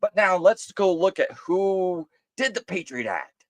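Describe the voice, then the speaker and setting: A man's voice: sits high, very animated, a little slow, no room sound. A man hosting a live stream, giving impassioned commentary full of rhetorical questions, restarts and mocking quoted voices.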